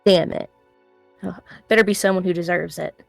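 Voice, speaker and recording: A woman's voice: on the low side, fairly even intonation, normal speed, vocal fry, no room sound, soft background music. A woman playing a tabletop game, chatting playfully and giving firm opinions. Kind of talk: casual chat during a tabletop game.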